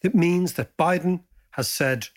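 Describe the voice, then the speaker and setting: Animated podcast host, high voice. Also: male voice, unhurried. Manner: animated, jokey, swoops up in pitch. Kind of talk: casual podcast chat.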